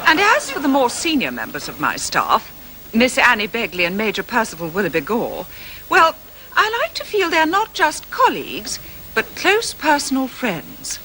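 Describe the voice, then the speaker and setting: A British woman consul general, high-voiced and lively, whose politeness carries a sarcastic edge. Her pitch swoops as she charms and needles. The old TV tape adds constant hiss. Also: normal speed, exaggerated voice. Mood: gracious. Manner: brightly gracious, arch, sarcastically polite. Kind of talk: 1980s TV sitcom acting. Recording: noisy old TV recording.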